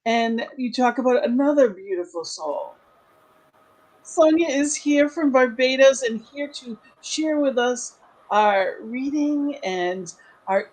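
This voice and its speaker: A woman's voice: on the high side, darkish tone. A woman leading an online spiritual service, greeting viewers by name and introducing a guest with gushing praise. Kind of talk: welcoming service host talk.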